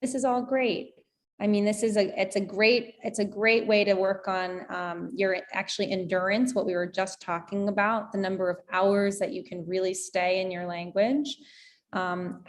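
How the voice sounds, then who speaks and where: An American woman, an English teacher and guest, explaining pronunciation in a lively way and demonstrating with examples. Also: fairly high pitch. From United States. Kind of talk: explanatory conversation.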